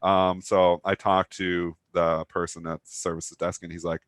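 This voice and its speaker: Male co-host, low voice, chatty rambling anecdote, dry close mic. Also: little pitch movement, moderate pace, fairly bright tone, no room sound. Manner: rambling storyteller, many fillers, laughs at own story. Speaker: co-host of a trading talk show. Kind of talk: casual anecdote chat.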